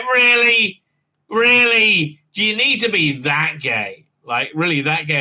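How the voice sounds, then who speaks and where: A man's voice: on the high side, bright, forceful tone, low-quality recording. A man hosting a sarcastic, casual TV episode recap, mocking and rambling with many fillers. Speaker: host and TV reviewer.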